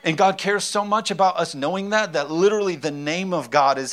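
A man's voice: high voice, a little fast, few pauses, a bit bright. A man preaching a sermon as pastor, talking in a conversational, emphatic way and repeating his key phrases.

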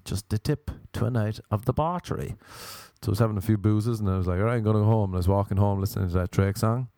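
A young man hosts a podcast in a casual comedic monologue, rambling through funny stories, swearing freely and acting out the voices. He talks fast in a lowish, dark voice, with no echo.

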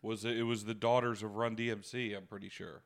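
A man's voice: on the low side, level tone, fairly quick. A man co-hosting a podcast, talking in a loose, profane, jokey way. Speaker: podcast co-host. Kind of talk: casual chat.

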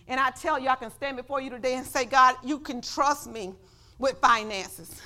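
Woman preacher in church, high voice, tells her story then gets loud and shouty. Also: normal speed. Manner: testifying, building to shouts. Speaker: pastor. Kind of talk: sermon.

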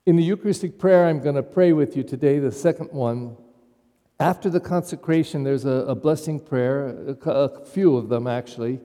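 Man, pastor delivering a homily, dark mellow voice, long church reverb. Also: medium pitch, moderate pace. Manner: conversational, asks the congregation questions. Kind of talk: sermon.

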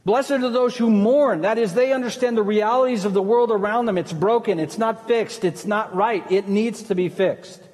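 A man's voice: sits high, normal speed, hardly any pauses, darkish tone. A man preaching a sermon as pastor, talking in a conversational way and asking the congregation questions. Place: church sanctuary. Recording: church hall with long reverb.

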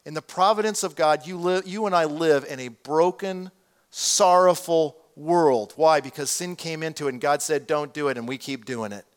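A middle-aged man preaching a sermon as a pastor, swinging from hushed, low passages to loud exclamations. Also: moderate pace, clean tone.

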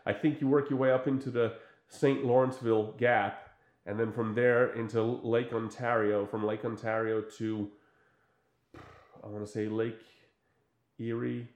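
Animated man retelling a movie in an echoey room. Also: mid-range voice, muffled recording. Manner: animated storyteller acting out characters in quick voices. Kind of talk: casual chat recapping a movie. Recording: roomy echo.

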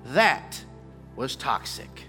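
A man's voice: medium pitch, big pitch swings, extremely slow, long reverb tail, music in the background. A man preaching a sermon as pastor, driving his points home with repetition and call-and-response.

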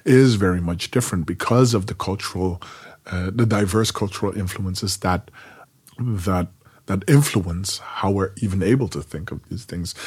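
Male interviewer from the Netherlands; very deep, husky; halting, reflective. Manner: reflective, halting, with many repeats. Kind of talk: interview conversation.

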